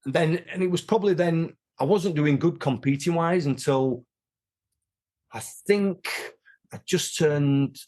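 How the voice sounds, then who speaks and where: A man, an interview guest telling rambling, animated stories in casual chat. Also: on the high side, unhurried. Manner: animated, rambling, many restarts.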